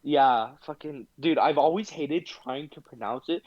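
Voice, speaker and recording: A man's voice: on the high side, measured pace, dry recording. A man in a casual group chat, blunt and swearing freely. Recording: dull lo-fi mic.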